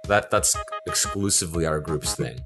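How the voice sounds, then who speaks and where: A young man co-hosting a podcast, chatting casually with wry, quick quips. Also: rumbling low, music in the background. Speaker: podcast co-host. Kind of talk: casual chat.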